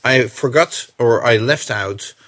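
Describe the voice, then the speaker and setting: A man co-hosting a casual podcast, halting and joking, with many fillers, Dutch his first language. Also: mid-range voice, fairly bright tone. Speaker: podcast co-host, magazine editor.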